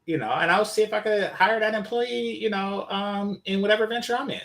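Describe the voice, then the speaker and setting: A man's voice: high-pitched, fairly quick, gravelly, fairly bright tone. A man hosting a reaction commentary, blunt, profane and scornful as he reads comments. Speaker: commentary channel host.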